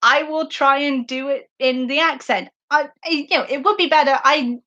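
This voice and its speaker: A woman's voice: sits high, normal speed, sharp tone, highs cut off. A young woman hosting a podcast live stream, chatting casually and enthusiastically in a rambling way, full of fillers, on a basic microphone. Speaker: podcast host. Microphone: basic makeshift microphone.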